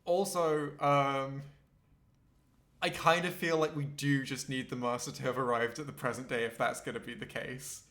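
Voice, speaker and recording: A man chatting on a livestream as co-host, excitable and quick to laugh, tripping over his words as he pitches ideas for a script. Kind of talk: casual livestream chat, improvising a script.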